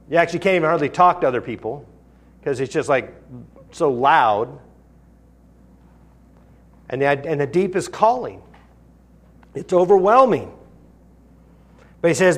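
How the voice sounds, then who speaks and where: Man, sermon, high voice, earnest, swells on scripture readings, drops quiet for emphasis. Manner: earnest, rises in pitch and volume when reading scripture, drops low for emphasis. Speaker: pastor.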